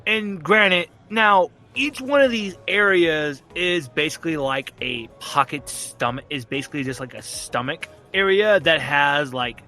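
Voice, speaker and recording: A man's voice: on the high side, unhurried, hardly any pauses, sharp tone, faint music behind. A man narrating as game master in a casual, rambling way, swearing and laughing often.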